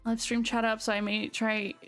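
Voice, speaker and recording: Woman, Southern American accent, streamer, casual chat, giggly, bright greetings, soft music underneath. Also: on the high side, flat delivery, normal speed. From Southern United States. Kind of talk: casual chat with live stream viewers while building.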